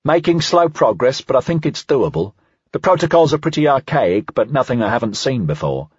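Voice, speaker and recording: A man voicing a practical young male deputy who speaks in a calm, gently reminding way in an audiobook. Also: mid-range voice, brisk, husky, no echo, highs cut off. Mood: steady.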